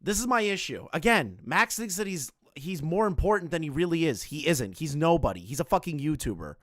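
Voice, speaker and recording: Profane ranting male streamer, lively pitch. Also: brisk. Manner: heated, profane, sarcastic. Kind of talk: livestream commentary rant.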